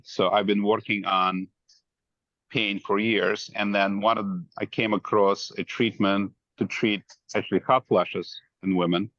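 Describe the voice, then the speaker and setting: A man's voice: low-pitched, fairly bright tone, dry recording, muffled recording. A man, a physician guest on a podcast, telling his story in a plain, matter-of-fact way. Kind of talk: interview answers.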